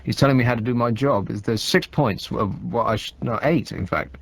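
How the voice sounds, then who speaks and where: A man's voice: mid-range voice, normal speed, vocal fry, noisy background. A man hosting a late-night radio phone-in, talking in a dry, sarcastic, rambling way. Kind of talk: casual radio chat. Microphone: studio microphone.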